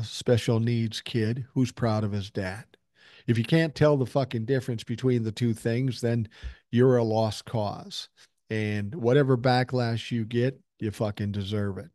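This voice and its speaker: A man's voice: mid-range voice, mellow, no echo, studio quality. Blunt, profane older man podcaster. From Minnesota, USA. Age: 60s. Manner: blunt and profane, reads listener emails and news aloud. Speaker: podcast host. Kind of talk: casual political commentary.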